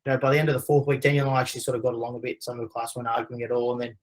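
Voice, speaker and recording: Fast-talking Australian man telling a story. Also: mid-range voice, completely flat delivery, rough recording. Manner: conversational, frequent "you know" fillers. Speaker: webinar presenter. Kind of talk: personal storytelling.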